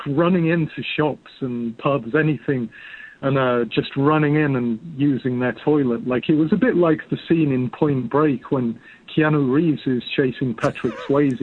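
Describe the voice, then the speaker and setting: A man's voice: mid-range voice, moderate pace, husky. An English man calling in to a podcast to tell a funny story in a chatty, amused way, heard over a phone line. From United Kingdom. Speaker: caller.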